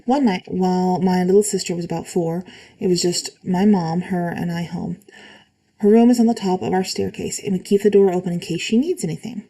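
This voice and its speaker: A woman reading spooky stories aloud in a calm, even way, adding short comments of her own. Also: fairly low pitch, a little fast, low-quality recording. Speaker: reader of online stories.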